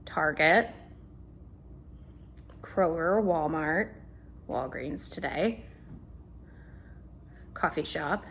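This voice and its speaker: A woman's voice: deep voice, expressive, extremely slow, pauses often, a little hiss or hum. A woman talking casually in a video diary, chatty and rambling, often restarting her sentences and talking to her dog. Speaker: vlogger.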